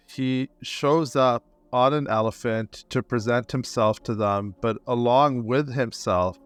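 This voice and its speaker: A man's voice: medium pitch, clean tone. A man, a guest historian on a podcast, recounting events in vivid, detailed storytelling with the odd filler.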